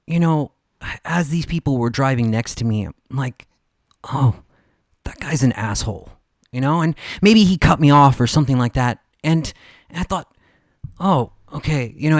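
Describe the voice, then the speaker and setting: A male podcast host at an ordinary middle pitch, speaking softly and hesitantly with frequent restarts as he thinks aloud. The sound is close and dry, with no room around it. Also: dry recording. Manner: soft, searching, hesitant with repeated restarts. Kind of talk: reflective conversational interview.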